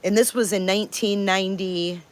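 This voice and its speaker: A woman in her fifties from Detroit, Michigan, hosts a live stream where she tells stories in a candid, profane, emphatic way. Her mid-range voice holds a steady tone and moves a little fast.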